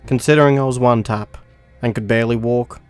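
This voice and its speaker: A man's voice: medium pitch, fairly even intonation, a little fast, smooth, soft background music. A young man narrating a survival game story in a dry, matter-of-fact way. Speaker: gaming channel narrator.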